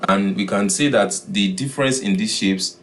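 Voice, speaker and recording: A man teaching a beginners' design class, often repeating his key points and pausing with "uh". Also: on the low side. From Nigeria. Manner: repeats key phrases, filler "uh". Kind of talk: classroom lesson.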